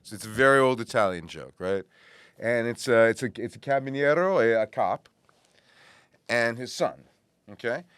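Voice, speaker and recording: A man telling a joke in casual conversation, halting and restarting as he goes. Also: mid-range voice, expressive, fairly bright tone, smooth, no echo. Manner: halting storyteller, restarts and fillers.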